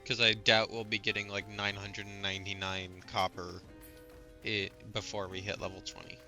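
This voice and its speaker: A man with a low-ish, forceful, very bright voice streams a game and talks through his plans in a fussy, explanatory way. He corrects small details and slips in puns. Faint game music plays underneath. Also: completely flat delivery, normal speed. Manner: explanatory, pedantic, punning. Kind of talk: casual gameplay commentary.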